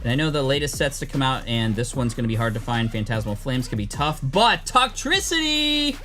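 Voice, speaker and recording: A man hosting a live card-opening stream, chatting and thanking viewers, bursting into loud excitement over the cards he pulls. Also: mid-range voice, fast talker, faint music behind. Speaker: host.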